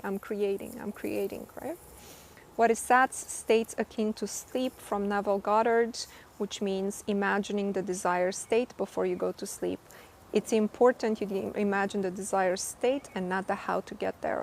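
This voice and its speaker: A woman's voice: mid-range voice, gravelly. A woman coaching on manifestation in a live-stream Q&A, reading viewer comments and answering earnestly, often checking in with "right?". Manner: earnest, emphatic, repeats points with "right?".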